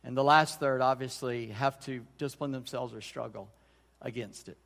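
A man's voice: medium pitch, fairly even intonation, normal speed, vocal fry, fairly bright tone. A middle-aged man preaching a sermon as pastor, folksy and conversational, often restarting his sentences. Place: church sanctuary. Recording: long church hall reverb.

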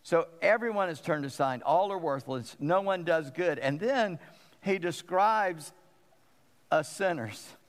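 A man's voice: a little high, expressive, a little slow, long reverb tail. A man, a pastor preaching a sermon in an emphatic way and repeating phrases for stress.

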